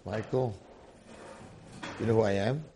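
A wise old medicine man, quiet and insistent, as a man telling a story puts him on. The voice sits a little low and has a gravelly edge. He speaks softly. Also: a little slow, noisy background. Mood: urging.

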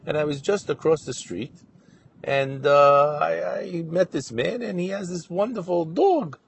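A man's voice: on the high side, animated, creaky, recorded from a distance, slight background noise, pitched above the performer's own voice. A man voicing a humble father collecting money for his daughter's wedding, who stumbles and repeats words as he explains. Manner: halting, repeats himself. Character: humble male fundraiser, father of a bride.

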